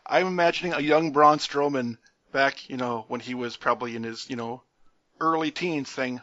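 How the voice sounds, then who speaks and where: A man's voice: mid-range voice, moderate pace, sharp tone, no echo, dull audio. A man co-hosting a podcast, recapping a match in a joking, laugh-filled way. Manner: jokey play-by-play recapping, laughs often. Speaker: podcast co-host. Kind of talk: casual wrestling recap chat.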